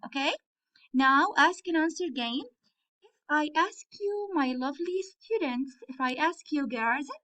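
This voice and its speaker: Woman teacher, high voice, slow and patient, spells out words. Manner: slow, clear, repetitive, spells words letter by letter. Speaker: English teacher. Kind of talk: recorded classroom lesson.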